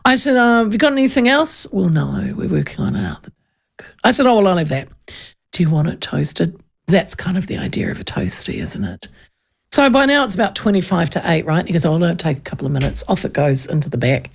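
Woman gravelly-voiced chatty New Zealand radio host. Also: lowish voice, fairly quick. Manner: lively, animated, acts out voices in anecdotes.

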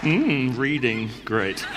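A man with a New Zealand accent reading a letter aloud to a live audience, in a dry, formal, mock-serious way. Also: medium pitch. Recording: echoey hall, faint background noise.

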